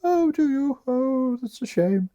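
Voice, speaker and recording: A man putting on a breathy falsetto to voice a lovesick young noblewoman. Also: expressive, unhurried, mellow. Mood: swooning. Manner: breathy high falsetto, sighing "oh"s.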